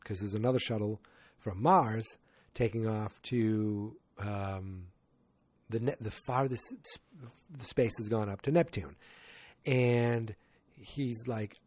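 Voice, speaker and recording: A man's voice: fairly low pitch, steady tone, takes it slowly, a little mellow, no echo. A man hosting a podcast, casually retelling a movie plot in a rambling way and acting out quotes from the characters. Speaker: podcast host.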